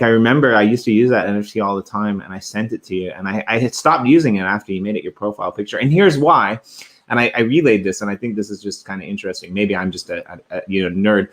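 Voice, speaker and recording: A man's voice: lowish voice, fairly bright tone. A young adult man co-hosting a casual show, telling stories in an upbeat, chatty way. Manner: eager storyteller, upbeat and chatty. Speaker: co-host. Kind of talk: casual podcast chat.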